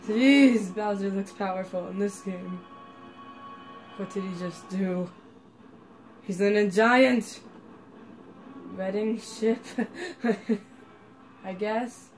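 Giggly woman gamer, slow-paced. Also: mid-range voice, soft background music. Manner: giggly, excitable, bursts into shouts. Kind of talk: let's play commentary.

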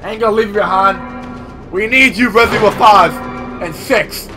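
A man's voice: high voice, moderate pace. A man giving profane, trash-talking commentary while playing a horror video game. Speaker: gameplay commentator. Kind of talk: let's play commentary. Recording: game music mixed in. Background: game music.

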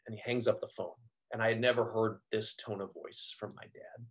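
A man's voice: medium pitch, moderate pace. Earnest man telling his story. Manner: earnest, reflective, frequent ums and you-knows. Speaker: Catholic priest and guest. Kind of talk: personal testimony in a conversation.

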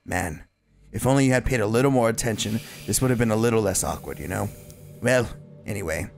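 An eerie, self-aware teenage girl club president, as a man reads her lines aloud, speaking in a soft, low, creepy hush. The voice sits lower than usual with a gravelly edge, and faint game music plays underneath. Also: brisk. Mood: unsettling calm. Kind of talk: reading game dialogue aloud.

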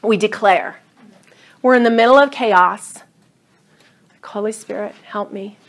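A woman teaching a Bible class, telling stories and reading scripture in an animated, emphatic way. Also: mid-range voice, a little slow.

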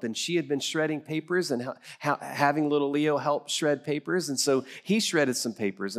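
A middle-aged male pastor delivers a sermon in a church, in a relaxed, conversational way. He tells stories and throws questions out to the congregation. His voice sits in an ordinary middle pitch. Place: church sanctuary.

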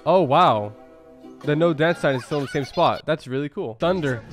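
A man hosting a reaction video, talking casually and excitedly, firing off quick exclamations and calling everyone "bro". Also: a little high, soft background music.

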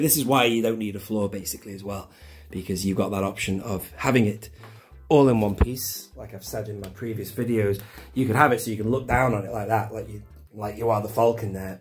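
An excitable, enthusiastic British man chatting casually in a home vlog, filmed indoors on a handheld camera with a gimbal. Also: mid-range voice. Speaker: toy collector vlogger. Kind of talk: casual show-and-tell vlog.

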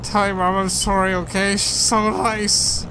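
A man voicing a drunk, clingy young woman cat who keeps apologizing, in a high, sing-song reading of game dialogue. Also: flat delivery, background noise. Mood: pleading. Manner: reads in a high, sing-song voice with drawn-out words.

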